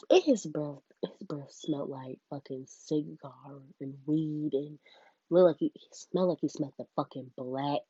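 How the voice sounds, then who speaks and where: Young woman, low husky voice, blunt and cussing, vlogging from her bedroom, dry muffled sound. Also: lively intonation, a little slow, darkish tone, dry recording. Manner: blunt, profane, laughing storyteller. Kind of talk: casual storytime vlog.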